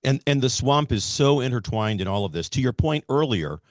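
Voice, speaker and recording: A man's voice: mid-range voice, animated, a little fast, no room sound, studio quality. An American man hosting an interview, making emphatic campaign-style declarations. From United States. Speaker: host and candidate for governor.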